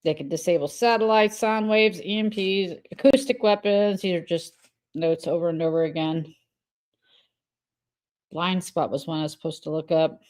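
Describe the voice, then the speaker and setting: A woman's voice: on the low side, steady tone, moderate pace, darkish tone. A woman livestreaming in a rambling, irritated way, swearing often. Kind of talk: casual livestream chat.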